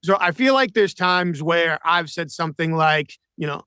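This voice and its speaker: High-voiced male podcast host, crisp. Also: lively intonation, normal speed, sharp tone, no echo. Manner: reflective, hedging with "I feel like". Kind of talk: podcast interview, conversational. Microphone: remote call with a mute button.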